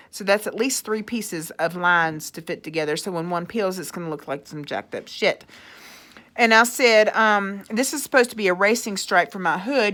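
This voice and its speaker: A furious woman vents to her vlog audience, reading out her own texts in a heated, sarcastic tone. She swears freely, and her voice sits at an ordinary mid pitch. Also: a bit bright. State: angry. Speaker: vlogger. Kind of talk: angry rant reading out texts.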